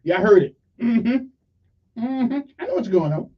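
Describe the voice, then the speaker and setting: A man's voice: very high voice, expressive, measured pace, recorded from a distance, slight background noise. An older man hosting a casual morning radio talk show, rambling and joking with many fillers. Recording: muffled audio from off mic.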